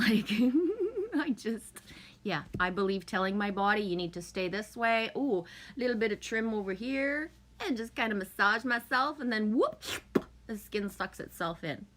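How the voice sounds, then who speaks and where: A woman's voice: mid-range voice, a bit bright. Chipper, swearing middle-aged woman streamer. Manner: chipper, profane, laughs often, talks to chat. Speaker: livestream host. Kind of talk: casual livestream chat.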